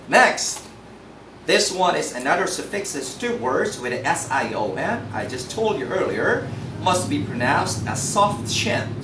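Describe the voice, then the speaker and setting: Slow, roomy-sounding Filipino man teaching. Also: on the high side. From Philippines. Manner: spells words letter by letter and repeats model pronunciations. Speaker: English pronunciation teacher. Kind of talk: recorded tutorial lesson. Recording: roomy, distant mic with faint noise.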